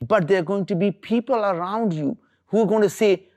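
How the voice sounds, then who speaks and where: A man's voice: high voice, brisk, a little mellow. Earnest man giving a motivational talk. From India. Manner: earnest, emphatic, repeats for stress. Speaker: entrepreneur speaker.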